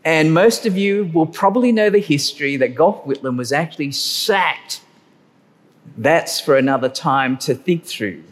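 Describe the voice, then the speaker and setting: A man preaching a sermon, animated and drawing out key words slowly for emphasis. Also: on the high side. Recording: long hall reverb.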